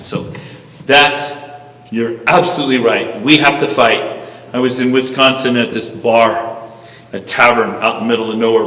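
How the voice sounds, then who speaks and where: A man telling a rousing story to an audience, animated and preachy, heard from far off in a reverberant hall. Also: medium pitch. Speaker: speaker. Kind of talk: storytelling speech.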